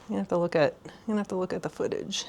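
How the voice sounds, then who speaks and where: A woman's voice: fairly low pitch, racing, vocal fry, a little mellow. A young woman chatting casually in a home vlog, rambling and laughing often. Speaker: vlogger. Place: home room.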